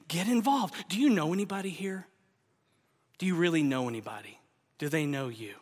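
A man preaching a sermon as pastor, emphatic, swinging between loud exhortation and hushed appeals. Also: on the high side, animated, normal speed, pauses often, long reverb tail.

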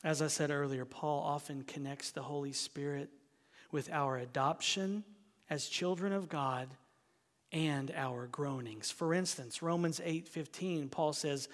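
Earnest male preacher in reverberant church. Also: unhurried. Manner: earnest preaching, swells loud then drops low. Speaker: pastor. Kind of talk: sermon. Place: church sanctuary.

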